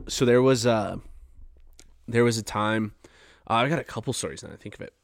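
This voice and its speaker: A young man from Farmington, New Mexico, USA hosts a podcast from his couch at home, speaking briskly in a mid-range voice. He tells funny stories in a rambling, casual style, full of swearing and filler words.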